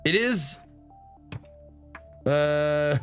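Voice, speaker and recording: A man streaming a game live, chatting excitably, swearing casually and reading the game's text aloud. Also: fairly high pitch, extremely slow, smooth, faint music behind. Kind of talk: live let's play commentary.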